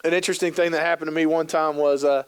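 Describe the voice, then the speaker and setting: A man's voice: fairly high pitch, fairly even intonation, fast talker, smooth. Upbeat man telling jokey stories on stage. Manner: jokey, acts out quoted voices, lots of fillers. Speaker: keynote speaker on youth work. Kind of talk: humorous storytelling talk to an audience. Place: conference hall.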